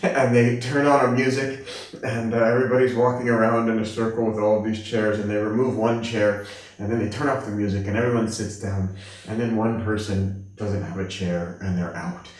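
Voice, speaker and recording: A man teaches a spiritual class in a gentle storytelling voice, slipping into quoted characters as he goes. His voice sounds far from the microphone, with a strong echo from the room. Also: lowish voice, steady tone, moderate pace. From United States. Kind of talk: spiritual class talk with acted anecdotes. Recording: echoey room from a distance.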